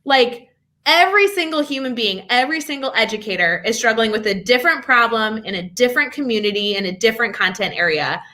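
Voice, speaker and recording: A young adult woman talking as a podcast guest, an educator telling stories in an energetic, upbeat way. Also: fairly high pitch. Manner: energetic, upbeat storyteller with quick asides. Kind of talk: casual interview chat.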